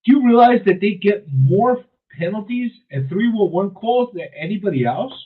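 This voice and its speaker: Husky man ranting on talk radio. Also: high-pitched, animated, normal speed. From New York City. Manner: emphatic, repetitive, restarts mid-sentence. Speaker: radio show host. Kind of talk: opinionated talk radio monologue. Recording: tinny phone-like radio audio.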